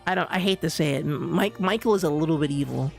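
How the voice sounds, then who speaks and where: A live streamer in casual chat, rambling and excitable, with lots of stammered restarts. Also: medium pitch, fast talker, creaky, soft background music.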